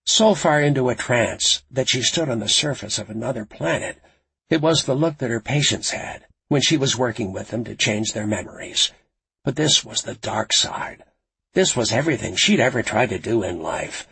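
A man narrates a thriller in a gravelly, husky voice. His reading is dramatic and suspenseful, with a lively, animated rise and fall. The delivery is scripted and steady. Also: mid-range voice, poor audio.

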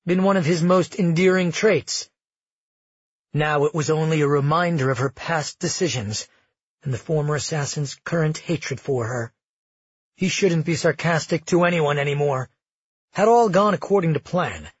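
A man reads fantasy narration with a husky, slightly high voice, steady and measured. The sound is dry and close, a bit dull in the top end. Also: no echo. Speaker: audiobook narrator. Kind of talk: scripted narration.

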